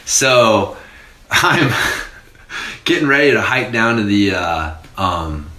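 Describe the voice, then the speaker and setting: A man's voice: lowish voice, extremely slow, echoey room. Laid-back man in his forties swearing. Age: 40s. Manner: animated, laughing, swears freely. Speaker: podcast host. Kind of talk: casual storytelling chat.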